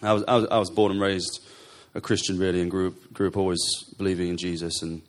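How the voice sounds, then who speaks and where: A man's voice: sits low, little pitch movement, fast talker. A man telling his faith story to a church congregation, hesitant and searching for words. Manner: hesitant, with fillers and restarts. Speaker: church member giving testimony. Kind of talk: personal testimony.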